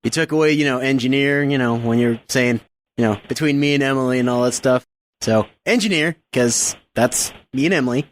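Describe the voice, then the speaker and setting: A man's voice: medium pitch, fairly quick, slight background noise. A man who co-hosts and engineers a podcast, chatting casually and laughing at himself. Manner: laughing, self-deprecating. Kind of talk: casual chat.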